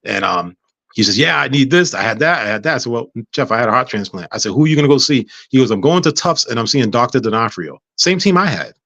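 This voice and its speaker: A man telling a personal story in casual chat, animated, acting out dialogue with frequent stammers and restarts. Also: mid-range voice, fast talker, vocal fry, no echo. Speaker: guest.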